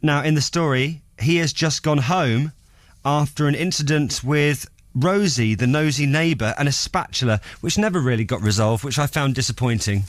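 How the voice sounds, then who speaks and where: A man hosts a radio show in a dry studio, his voice sitting a little high for a man. He chats in a playful, teasing way and keeps things light. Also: moderate pace, no echo. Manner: jokey, chatty, teasing. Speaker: radio host. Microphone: studio microphone.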